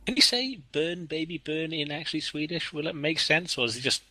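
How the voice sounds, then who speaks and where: A man's voice: on the high side, very animated, fast, bright, forceful tone, dry recording. A man playing a tabletop game, cracking playful jokes. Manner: playful, joking. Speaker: player.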